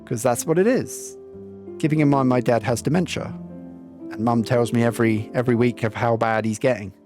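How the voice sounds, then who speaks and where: While gaming on stream, a man with a medium-pitched, slightly mellow voice chats casually with live viewers, wandering and reflective, peppering his talk with ums. You can faintly hear game music.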